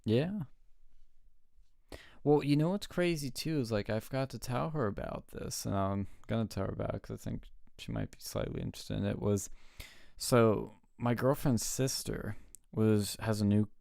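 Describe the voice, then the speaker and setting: Gravelly low-voiced man, casual and swearing. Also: normal speed, dry recording, clean studio sound. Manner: casual, swears often, tells stories excitedly. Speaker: co-host. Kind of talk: casual chat.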